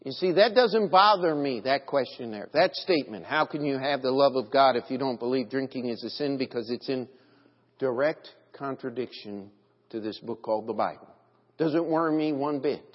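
A man's voice: medium pitch, normal speed. Preaching man in a reverberant church. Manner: earnest, rising to emphatic scripture reading. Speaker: pastor. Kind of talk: sermon. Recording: dull audio with long church reverb.

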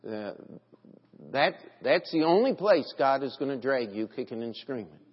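A man's voice: mid-range voice, expressive, normal speed, slightly rough. A man preaching an evening sermon in an earnest, emphatic way, reading scripture aloud. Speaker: pastor. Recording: dull audio with long church reverb.

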